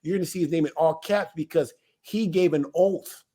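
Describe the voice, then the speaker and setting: A man's voice: on the high side, brisk, dark tone, breathy edge. A man who leads a ministry, talking to his livestream viewers in an emphatic way, full of rhetorical questions and restarts. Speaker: ministry elder.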